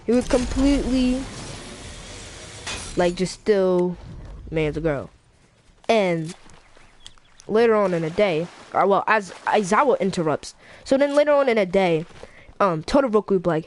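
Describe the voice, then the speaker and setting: A woman's voice: mid-range voice, lively intonation, measured pace, long pauses. A woman casually telling a made-up fan story, rambling and slangy. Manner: rambling, slangy, laughs, restarts. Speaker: YouTuber.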